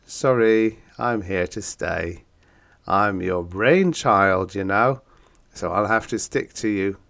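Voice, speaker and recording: A man's voice: fairly low pitch, takes it slowly, vocal fry, a bit bright, full character voice. A man voicing a wisecracking bug-eyed male monster in an audiobook, breezy and matter-of-fact. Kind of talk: audiobook character voice.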